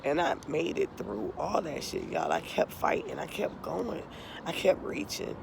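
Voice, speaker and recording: A woman's voice: lowish voice, creaky, background noise. A middle-aged woman vlogging an emotional, tearful testimony, impassioned and profane, calling her viewers "y'all" again and again.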